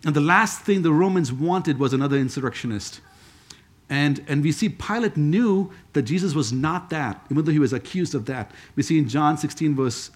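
A man preaching a sermon in a conversational way, with joking asides. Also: a little high.

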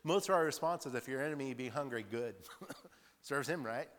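A male preacher tells personal stories in a loose, conversational sermon, chuckling as he goes. His voice is bright and forward at a mid pitch. The sound carries a long reverb from a church hall. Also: normal speed. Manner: chatty and storytelling, laughs often, many "like" asides.

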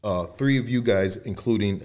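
A man's voice: lowish voice, moderate pace, a little mellow. A man hosting a podcast, asking questions in a laid-back, slangy, encouraging way. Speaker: podcast host. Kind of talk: casual interview chat.

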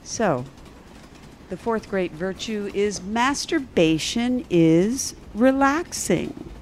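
A woman's voice: medium pitch, animated, slow, slight background noise. A middle-aged woman hosting a casual talk show as a therapist, speaking frankly and laughing often. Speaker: podcast host and therapist. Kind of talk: casual chat.

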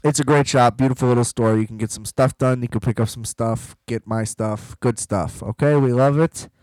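A man hosting a podcast in casual chat, rambling and animated, swearing freely. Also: medium pitch, normal speed, no echo, low-quality recording. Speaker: podcast host.

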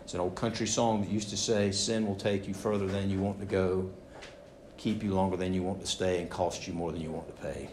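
A man's voice: low-pitched, a little fast, noisy background. A man preaching a sermon, acting out the people he quotes. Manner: animated, acts out quoted voices. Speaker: pastor. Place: church sanctuary. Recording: roomy church echo.

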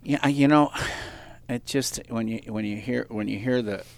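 A man's voice: mid-range voice, normal speed, gravelly, a little mellow, dry recording. A middle-aged man hosting a podcast, chatting casually and telling rambling stories with many restarts. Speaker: podcast host. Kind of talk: casual interview chat.

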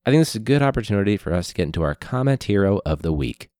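A man who teaches high school, ranting casually with sarcasm and swearing, his throat hoarse from a recent illness. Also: very animated, racing, background noise. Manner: sarcastic, profane, mocking.

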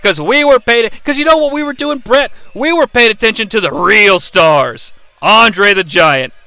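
A man hosting a live watch-along of a wrestling match, calling the action in an excitable, profane way. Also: extremely high pitch, normal speed, vocal fry, smooth, no echo. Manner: excitable, profane, yelling play-by-play. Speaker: host.

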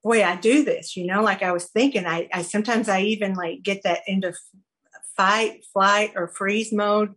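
A woman giving a personal recovery testimony, earnest and halting, with many fillers and restarts. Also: medium pitch, steady tone, a bit bright, husky, low-quality recording. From American South. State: briefly choked up. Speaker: recovery program speaker sharing her story.

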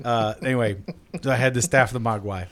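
A man's voice: mid-range voice, steady tone, fast, a bit bright, a little hiss or hum. A man telling a rowdy, profane tabletop-game story in a casual chat, laughing often.

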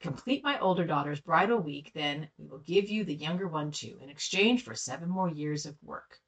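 Woman reading a calm, scheming man's lines; low-pitched, mic a bit far. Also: moderate pace. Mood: matter-of-fact.

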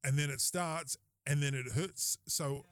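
An Australian man hosting a podcast, telling a story in a casual, animated way, often laughing and acting out what people said. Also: a little high, a little slow, smooth, no echo, studio quality. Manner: animated, laughing storyteller who acts out quoted lines. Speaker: podcast host.

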